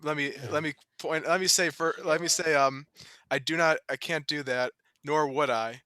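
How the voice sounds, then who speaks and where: A man's voice: fairly high pitch, steady tone, normal speed, bright, forceful tone, clear, resonant tone, dry recording, studio quality. A young man guesting on a friends' podcast, talking in a wry, rambling way and laughing often. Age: young adult. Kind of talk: casual chat among friends.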